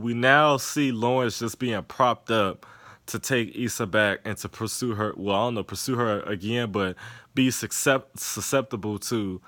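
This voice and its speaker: A man casually reviewing a TV episode from his couch, retelling scenes in a profane, animated way and acting out the characters' lines. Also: on the low side, no room sound. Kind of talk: casual recap and commentary. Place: sitting on a couch indoors.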